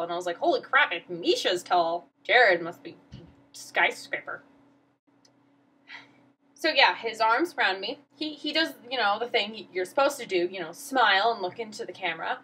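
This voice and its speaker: A woman's voice: fairly high pitch, pushed and bright, breathy edge, low-quality recording. A teenage girl vlogging, telling a story in a rambling, flustered, self-mocking way. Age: teens. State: emotional. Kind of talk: casual storytelling vlog.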